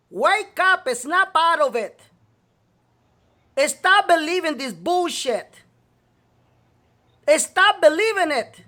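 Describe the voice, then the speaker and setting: A man's voice: very high voice, sharp tone. A male talk show host delivering a profane, scolding rant, repeating himself to hammer his point home. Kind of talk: ranting talk show monologue.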